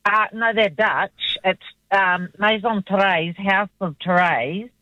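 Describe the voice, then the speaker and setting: A woman's voice: mid-range voice, steady tone, takes it slowly, pushed and bright, dry recording, highs cut off. A woman calling in to a radio show, chatting in an eager, hesitant way with some stumbles. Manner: hesitant, enthusiastic. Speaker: radio caller. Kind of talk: casual phone-in chat. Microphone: phone line.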